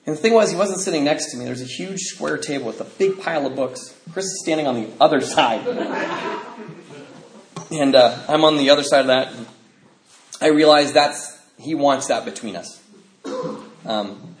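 At a meeting, a man tells his personal recovery story, rambling, restarting sentences, pausing often and acting out other people's lines. His voice is a little high at a normal speed, and the recording has a roomy echo with faint noise.

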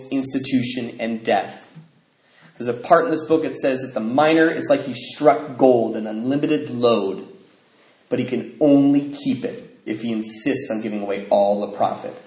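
A man sharing his recovery story with a meeting, lively, acting out what people said and laughing often. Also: mid-range voice. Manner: animated, acts out quoted dialogue, laughs often. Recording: echoey room, faint noise.

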